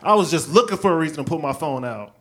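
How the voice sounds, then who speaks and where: A man from Brooklyn doing a stand-up set on a club stage, telling stories with lively character bits and laughing at his own jokes. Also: fairly high pitch, quick pace. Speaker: stand-up comedian.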